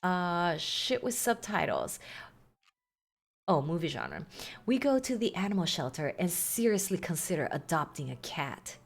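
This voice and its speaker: A woman's voice: on the low side, big pitch swings, a little slow. A woman streaming a game, chatting casually and reading on-screen text aloud with wry asides. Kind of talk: casual game playthrough commentary.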